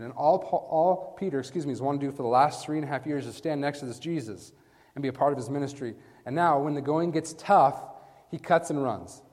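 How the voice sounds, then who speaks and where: A man preaching a sermon with emphatic stress, swinging from hushed lines to loud bursts and often asking his listeners "right?". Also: on the high side. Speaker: preacher teaching a Bible passage. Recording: long reverb from a large hall.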